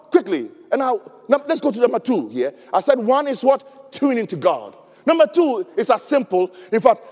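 A man preaching a sermon, reading scripture and leading prayers, swinging from loud cries to near murmurs. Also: long reverb tail. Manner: preaching with dramatic swings in pitch and volume. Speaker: pastor.

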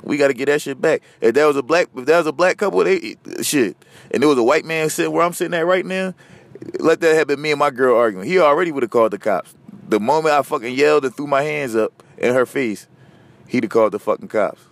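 A man hosting a podcast, ranting casually and profanely, veering from loud outbursts to low muttering. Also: quick pace, creaky. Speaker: podcast host. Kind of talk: casual solo rant.

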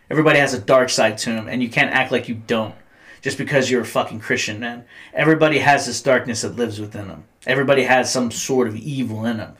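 A man's voice: mid-range voice, quick pace, fairly bright tone. A young adult man, a podcast host telling blunt, profanity-laced stories in casual chat.

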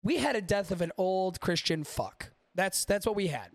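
A man hosts a podcast in loose, rambling banter and swears freely. His voice is high for a man and gravelly. The sound is close and dry. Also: expressive, normal speed, dry recording. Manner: rambling, swears freely, talks to live chat. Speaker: podcast host. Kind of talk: casual profane chat.

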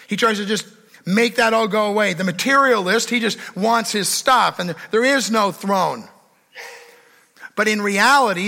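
A man preaches in a high, bright voice with a gravelly edge, hammering his points home through repetition. His sermon rings out in a church sanctuary with a long echoing tail behind each phrase. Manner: preaching with emphatic repetition and rising intensity. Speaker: pastor. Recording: echoey hall with long reverb.

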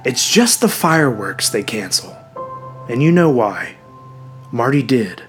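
A man reads as a gruff old grandfather with a heavy Slavic accent, his voice dropped low and quiet. He speaks in short, blunt sentences in a storybook reading. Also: sing-song, unhurried, faint music behind.

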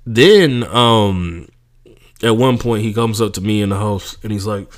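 Young man, podcast host, low voice, casual swearing monologue, animated storytelling. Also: a little slow. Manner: profane, animated storytelling with mocking impressions. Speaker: podcast host, stand-up comedian.

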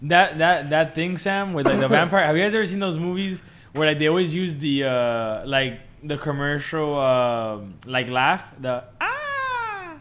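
A man's voice: on the high side, normal speed, fairly bright tone. A young man co-hosting a podcast who halts and searches for words, often giggling, in a casual chat among friends. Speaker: podcast co-host. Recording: friends chattering in the background.

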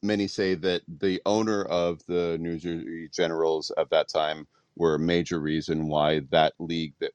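Very deep-voiced man telling a story. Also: level tone, normal speed, hardly any pauses, darkish tone, smooth, no echo. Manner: reads facts with fillers and restarts. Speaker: podcast host. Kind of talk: casual recap of a topic.

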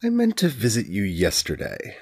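A man voicing a posh, smirking, predatory male curate with a drawn-out polite tone. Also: sits low, sing-song, husky, exaggerated voice. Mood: smooth.

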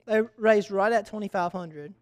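A man delivers a sermon in a high, bright voice. He tells stories with energy and drives his points home by repeating them. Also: normal speed. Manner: animated storytelling preacher, repeats key phrases. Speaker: youth pastor.

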